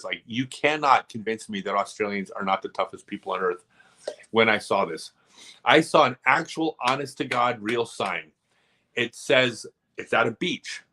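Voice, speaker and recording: A man hosting a casual live stream, telling rambling, animated stories full of asides. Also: medium pitch, measured pace.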